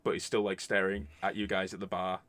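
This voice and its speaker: A man's voice: low voice, flat delivery, brisk, fairly bright tone. A man narrating as game master, rambling with lots of fillers.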